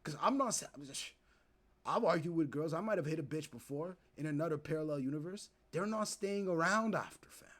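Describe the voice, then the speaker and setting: A young man streaming, ranting to his chat in animated, profane commentary and acting out the people he talks about. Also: on the high side, a little fast. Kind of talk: casual commentary to live chat.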